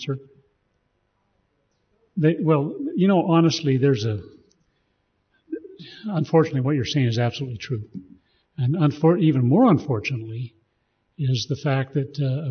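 A man's voice: mid-range voice, husky, dull audio. A man telling digressive stories while he talks casually to a group. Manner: rambling, digressive storytelling. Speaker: speaker addressing a group. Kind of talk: casual talk.

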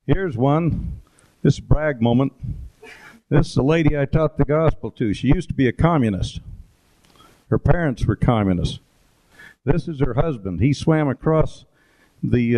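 A man's voice: mid-range voice, measured pace, long pauses, dark tone. A middle-aged man giving an informal talk with photos, rambling through anecdotes with fillers and asides. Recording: dull lo-fi recording.

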